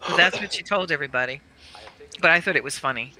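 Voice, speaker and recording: A middle-aged woman telling a funny family story in casual chat, animated and laughing between lines. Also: low-pitched, fast talker, slight background noise. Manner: animated, laughs through her anecdotes.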